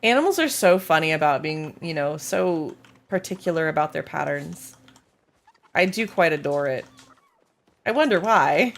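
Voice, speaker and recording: A woman's voice: low voice, expressive, normal speed, creaky. A woman game streamer in casual live-stream chat, bubbly and playful as she talks to her viewers.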